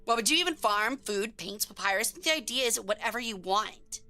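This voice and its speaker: A woman's voice: a little high, animated, fairly quick, pushed and bright. A woman streamer chatting casually on a live stream, slangy and joking as she reacts to chat, with faint music behind her.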